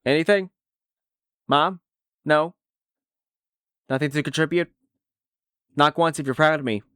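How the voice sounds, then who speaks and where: A man voicing a cynical, washed-up middle-aged male horse in a fan dub of an animated series, talking in a sardonic, rambling, self-deprecating way. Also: on the high side, measured pace, clear, resonant tone, no echo, studio quality. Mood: awkward joking.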